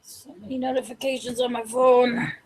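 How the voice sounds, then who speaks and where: Woman, fairly high voice, relaxed streamer chatter, laughs easily. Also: normal speed, very noisy. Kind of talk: casual chat while streaming a card game.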